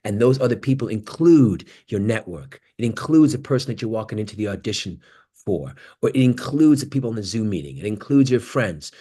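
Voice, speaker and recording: A man giving an animated motivational talk on a video call, swinging from loud exclamations to near-whispers. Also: lowish voice, a little fast, slightly rough. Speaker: guest speaker on an acting workshop call.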